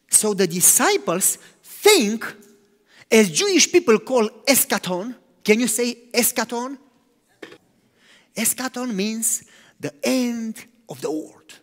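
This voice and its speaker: A man preaching a sermon, animated, swinging between loud emphatic lines and hushed, quiet ones. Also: high voice, slow pace. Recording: long hall reverb.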